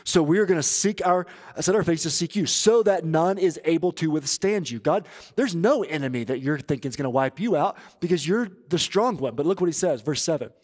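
A man preaching a sermon as pastor, urging and earnest, moving between loud appeals and hushed, intense passages. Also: fairly high pitch, lively intonation, a little fast. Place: church auditorium. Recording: long reverb of a large hall.

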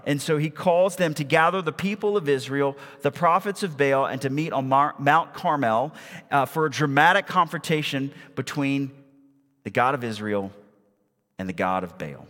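A man's voice: mid-range voice, animated, moderate pace, fairly bright tone, in a large hall. A male pastor preaching in a church, reading a Bible story aloud and acting out the quoted lines with dramatic emphasis. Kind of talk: sermon with scripture reading. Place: church sanctuary.

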